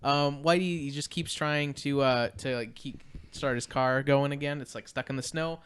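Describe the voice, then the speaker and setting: Smooth-voiced podcaster rambling through a recap. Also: medium pitch, steady tone, moderate pace, a bit bright. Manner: rambling, laughs often, frequent "uh" and "like". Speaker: podcast co-host. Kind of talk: casual chat recapping a film.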